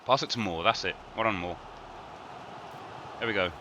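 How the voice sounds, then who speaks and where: A man commentating on his own football video game livestream, getting worked up and shouting at the players. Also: fairly low pitch, moderate pace, lo-fi sound, background noise. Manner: excitable, shouts at the players on screen. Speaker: gaming streamer. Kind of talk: live gameplay commentary.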